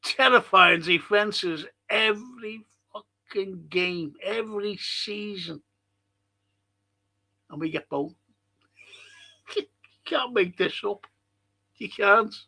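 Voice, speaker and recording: Gravelly high-voiced streamer ranting. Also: male voice, takes it slowly, pauses often, sharp tone. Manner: heavy swearing, blunt exasperated rants. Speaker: football watch-along streamer reading chat. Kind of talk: live-stream football chat.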